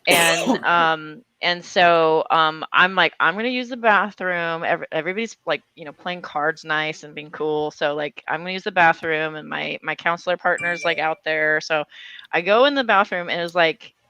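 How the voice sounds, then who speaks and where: A young woman telling an animated story in casual chat, full of fillers and restarts. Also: low voice, moderate pace, smooth.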